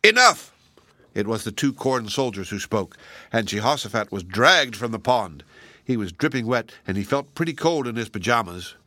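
A man reading a children's storybook aloud in a lively, expressive way. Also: on the low side, normal speed, dry recording. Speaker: narrator.

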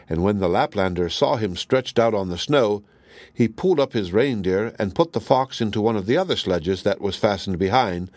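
A man narrating a fairy tale in a steady, measured reading. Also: on the low side, dry recording. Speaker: storyteller.

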